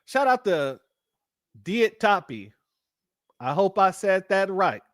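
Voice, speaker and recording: A man from Los Angeles hosting a casual livestream, talking in an animated way and jumping into a high playful voice when he quotes people. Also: slow, no room sound, studio quality. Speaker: livestream host.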